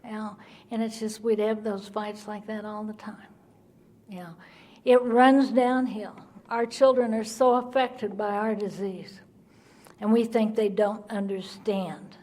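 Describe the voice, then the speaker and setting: A woman's voice: mid-range voice, a little slow. Woman telling her recovery story. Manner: animated storytelling, acting out quoted people. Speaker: Al-Anon speaker. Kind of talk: recovery testimony at a meeting.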